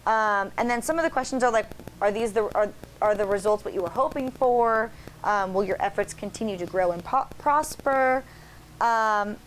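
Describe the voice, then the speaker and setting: A woman co-hosting a casual tarot chat, rambling through card meanings with lots of fillers and pauses. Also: medium pitch, low-quality recording. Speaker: co-host learning tarot.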